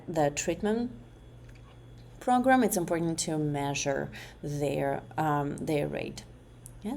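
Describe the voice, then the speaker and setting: A woman's voice: deep voice, gravelly, dark tone, slight background noise. A woman presenting a class demonstration of voice exercises, hesitant, with many fillers and restarts.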